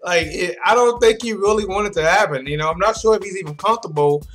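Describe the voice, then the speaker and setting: A man's voice: sits high, fast. A man hosting a live sports reaction stream, talking emphatically and directly to his viewers. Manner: animated, emphatic, talks straight to viewers. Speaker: sports commentary host.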